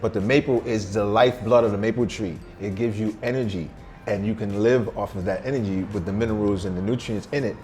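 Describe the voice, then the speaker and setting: A man's voice: lowish voice, steady tone, a little fast, a little mellow. A middle-aged man, a vegan chef guest, talking in an emphatic, slangy, boastful way in a casual interview at a restaurant.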